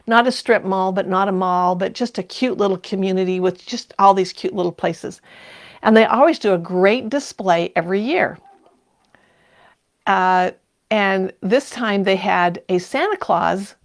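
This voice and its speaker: A woman's voice: medium pitch, creaky. An older woman hosting a sewing livestream, chatting casually, laughing often and reading viewer comments aloud. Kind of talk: casual live-stream chat.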